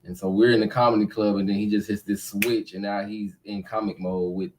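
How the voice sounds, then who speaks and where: A man's voice: fairly low pitch, flat delivery, a little fast, noisy background. A man co-hosting a live show, laid-back and casual, hyping up friends and guests.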